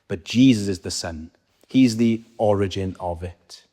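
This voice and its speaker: Speaking at a measured pace with a warm, low-leaning voice, a man preaches in a church hall full of long reverb. He keeps the sermon conversational, regularly questioning his congregation.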